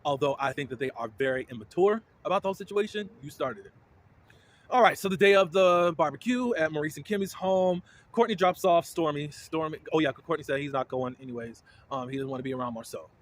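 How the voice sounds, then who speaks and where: Man, higher pitch, casual recap, opinionated, laughs a lot, acts out quotes. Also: brisk, a little hiss or hum. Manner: animated, opinionated, laughs often. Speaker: reality TV recapper.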